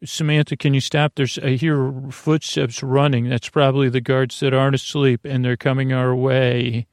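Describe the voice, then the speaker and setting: A man doing an eager, hurried rescuer. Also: mid-range voice, level tone, no echo, studio quality, close to an everyday voice. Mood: urgent. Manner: urgent, pushy.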